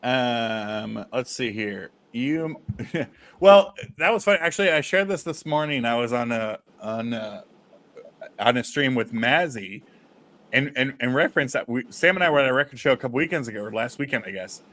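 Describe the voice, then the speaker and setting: A man's voice: medium pitch, expressive, normal speed, fairly bright tone. A man hosting a casual podcast chat, rambling and restarting his sentences often. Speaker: host.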